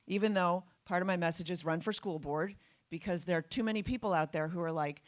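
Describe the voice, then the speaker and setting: A woman's voice: lowish voice, fairly quick, no room sound, clean studio sound. A woman giving a public talk to an audience, emphatic and full of rhetorical questions. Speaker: guest speaker.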